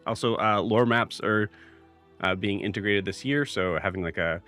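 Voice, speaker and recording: A man with a fairly low, slightly bright voice speaks at a normal pace over faint background music. As game master and host of a live tabletop game stream, he rambles through pre-session announcements packed with filler words.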